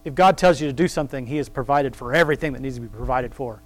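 A man reading scripture aloud slowly and then commenting on it in a loose, rambling, conversational way, laughing now and then at his own remarks. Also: mid-range voice. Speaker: Bible study teacher. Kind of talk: casual Bible reading and commentary.

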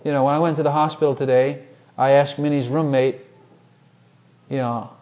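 A man preaching a sermon, swinging from hushed, personal asides to loud, ringing scripture quotes. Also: medium pitch, steady tone, moderate pace, dull audio.

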